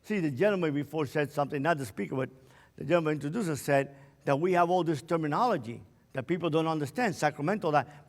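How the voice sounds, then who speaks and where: Man in his 60s, high tenor, keynote speaker with impassioned testimony and preaching, long hall echo. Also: expressive, fast talker. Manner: storytelling that builds to forceful preaching. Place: conference stage in a large hall.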